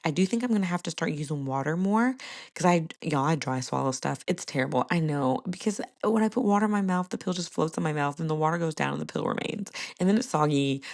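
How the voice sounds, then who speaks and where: A woman's voice: deep voice, fast, vocal fry, a little mellow. A young woman hosting a casual solo podcast, chatting to listeners and laughing often. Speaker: podcast host.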